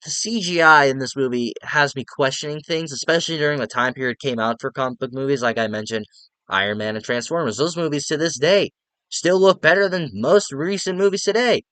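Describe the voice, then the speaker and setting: A man's voice: fairly high pitch, brisk, a bit bright, smooth, dry recording. A young man giving a casual, profane, exasperated movie review rant, rambling with lots of filler words.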